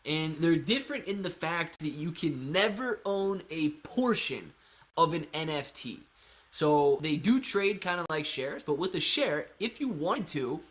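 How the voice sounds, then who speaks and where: A man hosting a live stream, answering viewer chat in a casual, energetic and hyped way, calling people man and dude. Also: on the high side. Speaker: livestream host answering chat.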